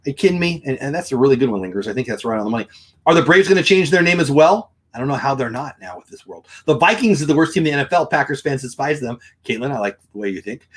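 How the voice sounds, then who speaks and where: A middle-aged man on a casual livestream, talking straight to his viewers and answering their chat. His voice is slightly husky and swings widely in pitch as he rants in disbelief. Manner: exasperated, ranting, animated. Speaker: livestream host reading chat.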